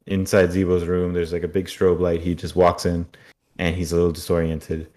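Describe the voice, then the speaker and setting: A man co-hosting a podcast, recapping an episode in casual, animated chat. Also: low voice, normal speed. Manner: animated storytelling, puts on silly voices. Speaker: podcast co-host.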